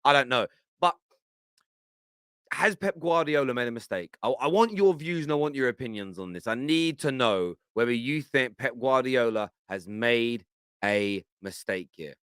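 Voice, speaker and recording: A man hosting a football fan channel, giving animated, exasperated reaction commentary on radio clips. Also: medium pitch, normal speed, clean tone, no room sound. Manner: animated, exasperated, laughs often.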